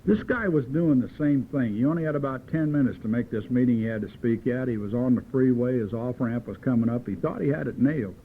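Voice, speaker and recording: A man's voice: medium pitch, brisk, hardly any pauses. A man giving a folksy, joking talk from the podium at a recovery meeting, telling stories in an earthy way. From Southern California. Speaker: AA meeting speaker. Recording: old phone-like tape with faint hiss.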